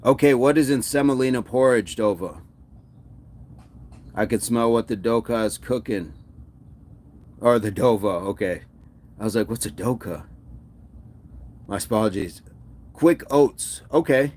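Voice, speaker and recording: A man's voice: medium pitch, unhurried, pauses often, darkish tone. A man hosting a casual live stream, upbeat and laughing often as he reads out viewer comments. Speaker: fitness streamer.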